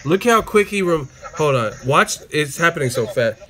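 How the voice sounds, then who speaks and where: A man's voice: on the high side, very animated, moderate pace, pushed and bright, faint music behind. A man hosting a live stream, reacting to clips with profanity and laughter. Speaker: boxing channel host. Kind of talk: casual live-stream commentary.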